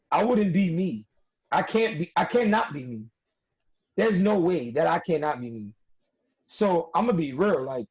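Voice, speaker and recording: A man's voice: fairly high pitch, darkish tone, breathy edge. A young man, a wrestler talking as a podcast guest in a streetwise, emphatic way, repeating himself for effect. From New York. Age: young adult. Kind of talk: casual podcast interview. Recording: dull lo-fi audio.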